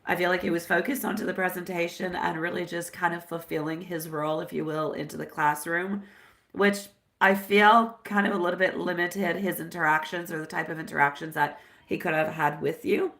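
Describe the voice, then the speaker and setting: Woman reading tarot live, chatty, calls everyone sweetie, bright edge, gravelly. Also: lowish voice, little pitch movement, moderate pace. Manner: chatty, affectionate, sprinkles Italian phrases. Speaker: tarot reader.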